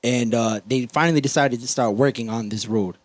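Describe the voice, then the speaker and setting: A man hosting a podcast, telling stories in a profane, energetic, casual way. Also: medium pitch, fairly quick. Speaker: podcast host.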